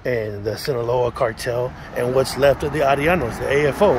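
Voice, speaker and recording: A man's voice: medium pitch, steady tone, moderate pace, hardly any pauses, background noise. A man telling his own story in a blunt, profane, casual monologue, full of restarts and quoted asides.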